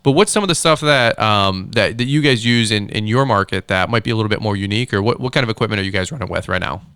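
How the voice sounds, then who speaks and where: A man hosting a podcast interview, chatting casually in a quick, animated, self-deprecating way. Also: fairly low pitch, clear, resonant tone, dry recording. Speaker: podcast host.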